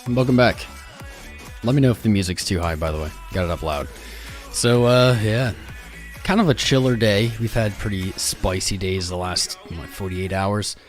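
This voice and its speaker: A man from the United States hosting a casual crypto live stream, laid-back and rambling, greeting chat by name, a little hoarse from losing his voice. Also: lowish voice, moderate pace. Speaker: crypto livestream host. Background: music playing.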